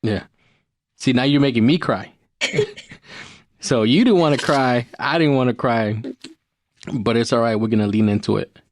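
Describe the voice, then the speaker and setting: A man co-hosting a podcast, speaking gently and encouragingly and laughing easily as he reflects. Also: medium pitch, normal speed, long pauses, a little hiss or hum. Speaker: co-host.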